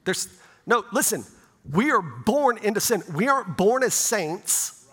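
A man's voice: sits high, big pitch swings, unhurried, a bit bright, breathy edge. A middle-aged male pastor preaching a sermon in a conversational way, often checking in with "right?". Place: church sanctuary. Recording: long church reverb.

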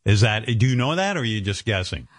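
A man's voice: lowish voice, very animated, fast talker, dry recording, studio quality. Rambling, profane New man. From New York. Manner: profane, rambling storytelling with lots of fillers. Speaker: radio show host. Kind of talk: casual radio show banter.

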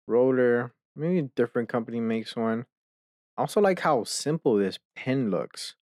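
A young man hosting a podcast, chatting casually and ranting with heavy profanity, quickly exasperated. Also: mid-range voice, lively intonation, a little mellow, no room sound. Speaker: podcast host. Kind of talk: casual chat.

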